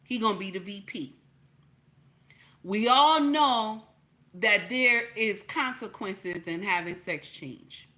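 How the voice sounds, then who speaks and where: A woman's voice: mid-range voice, animated, slow, bright, forceful tone. A woman with a New Jersey accent giving blunt, repetitive livestream commentary, peppered with profanity and "okay?" checks. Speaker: online commentator.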